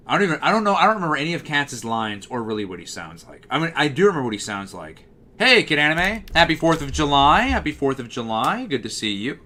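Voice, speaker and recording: Bass-baritone man chatting on a stream. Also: bright, forceful tone. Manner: talkative, answers chat messages as they come in. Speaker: livestream host. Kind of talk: casual livestream chat.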